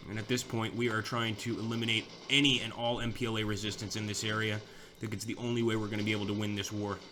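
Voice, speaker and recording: A man's voice: lowish voice, flat delivery, fast, noisy background. A young man giving casual, chatty commentary over a strategy war game, thinking aloud with fillers and restarts. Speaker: gameplay commentator.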